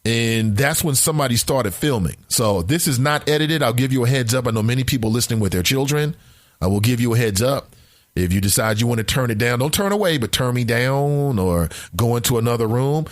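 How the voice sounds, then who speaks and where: A man's voice: medium pitch, fairly quick, no echo, studio quality. A man hosting a talk podcast, delivering an emphatic, opinionated monologue and repeating lines for effect. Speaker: podcast host.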